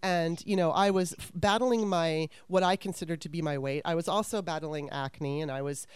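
Middle-aged woman, kinda low smooth voice, frank and swears a lot, dry close sound. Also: moderate pace, a little mellow, no echo. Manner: frank, self-deprecating, swears, restarts often. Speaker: guest, former actress. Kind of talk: candid conversational storytelling.

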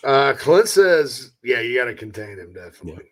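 A man hosting a casual sports talk show, reading viewer comments in a relaxed, rambling way. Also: mid-range voice, normal speed.

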